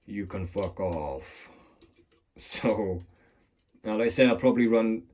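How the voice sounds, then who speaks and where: Slow and darkish in tone, with a lowish voice, this man talks through a lock-picking demonstration on a clamped phone. He's a hobbyist who rambles, curses, and pokes fun at himself along the way.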